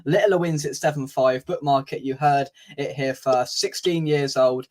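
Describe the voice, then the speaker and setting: A man's voice: mid-range voice, normal speed, a little mellow. A man hosting a casual fan live stream, chatting, reading out viewer comments and laughing easily. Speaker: fan channel host.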